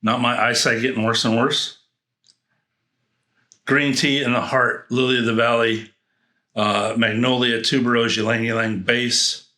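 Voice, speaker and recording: A man's voice: medium pitch, level tone, a little slow, pauses often, pushed and bright, echoey room. A man reviewing fragrances in a casual unboxing, rambling and thinking aloud with frequent restarts.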